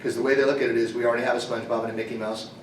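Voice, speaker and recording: A man voice actor answering fan questions on a convention panel, an animated storyteller who cracks jokes. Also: medium pitch, a little hiss or hum. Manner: animated storyteller, quick jokes, slips into impressions. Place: convention hall. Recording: echoey hall, mic far off.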